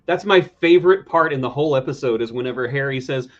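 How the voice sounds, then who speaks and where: A man co-hosting a casual podcast chat, joking and animated. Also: mid-range voice, quick pace. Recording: slightly dull lo-fi audio.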